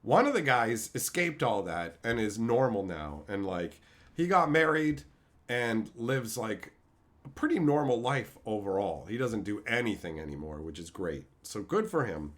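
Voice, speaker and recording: Animated man telling stories on a live stream. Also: on the low side, a little slow. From Canada. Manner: animated, swings into loud shouted quotes. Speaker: streamer opening card packs. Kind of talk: casual live-stream storytelling.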